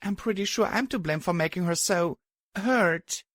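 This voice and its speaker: A man's voice: high voice, unhurried, no room sound, pitched above the performer's own voice. A man putting on a worn-out young mare pony from a storybook, her voice raised well above his own and sighing through every line. She sounds blunt and guilt-ridden. The recording is dry and close. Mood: weary. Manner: tired, mumbling, sighing.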